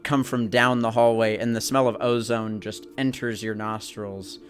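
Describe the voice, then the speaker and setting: A man's voice: lowish voice, flat delivery, moderate pace, faint music behind. A man narrating a tabletop role-playing game as game master, with vivid descriptions.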